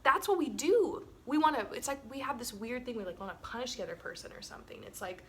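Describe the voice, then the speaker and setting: A woman's voice: on the high side, expressive, fast, fairly bright tone. A woman co-hosting a relationship webinar, talking casually with her partner, laughing often and filling her talk with "like" and "um". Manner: chatty, laughs often, many "like" and "um" fillers.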